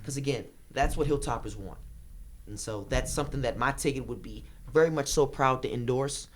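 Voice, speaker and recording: A young man running for student government, answering a debate question in an impassioned, fast-rushing way, repeating phrases for emphasis. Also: medium pitch. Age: young adult. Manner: rapid, rushing delivery.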